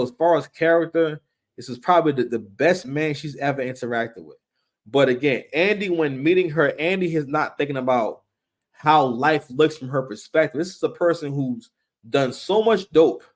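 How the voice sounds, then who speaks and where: A man talking through a reality TV episode in an off-the-cuff, animated way, his voice sitting a touch high. He tosses in slang, stumbles over repeated words and slips into little acted-out bits of dialogue as he goes. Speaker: reality TV commentator. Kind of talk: casual commentary.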